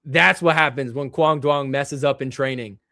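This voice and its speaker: A young man hosting a live stream, joking and excitable as he reacts to clips and laughs often. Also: mid-range voice, moderate pace, creaky, background noise. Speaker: livestream show host. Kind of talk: casual live-stream commentary.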